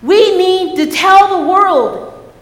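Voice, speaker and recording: A woman with an extremely high-pitched voice preaches a sermon slowly and emphatically in a church sanctuary, calling on the congregation to respond. The recording has the echo of a church hall and a little hiss or hum.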